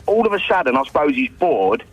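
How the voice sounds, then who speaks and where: A man with an East London accent phones in to a radio show and tells his story in a high, lively voice that rises and falls a lot. He talks in a casual, chatty way and laughs along as he goes. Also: fairly quick, muffled recording, a loud crowd. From England. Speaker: caller. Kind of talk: phone-in call.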